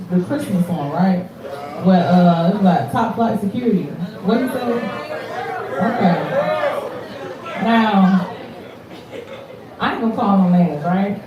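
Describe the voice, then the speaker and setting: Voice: mid-range voice, unhurried, pauses often, background noise. An open mic host doing loose, profane banter with the crowd at a live poetry show. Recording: echoey live room, distant mic, crowd.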